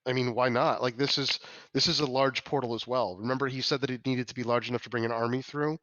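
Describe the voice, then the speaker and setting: A man's voice: mid-range voice, steady tone, a bit bright, no room sound. Guy running a tabletop game, keeps stopping and fixing his words, dry muffled mic. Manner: halting, restarts and self-corrections. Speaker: game master.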